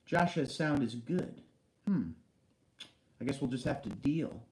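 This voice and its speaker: A man hosts a relaxed livestream, reading out viewer comments and chatting back at them. His voice sits at an ordinary middle pitch. It rings with the echo of a big basement room. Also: unhurried, pauses often. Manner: chatty, reads comments aloud and answers them. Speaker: livestream host. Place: large basement room indoors.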